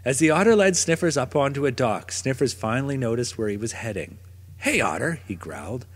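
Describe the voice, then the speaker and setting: A man reading a children's picture book aloud in a gentle, expressive storytelling manner. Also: medium pitch, fairly quick. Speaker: storybook narrator. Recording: long reverb.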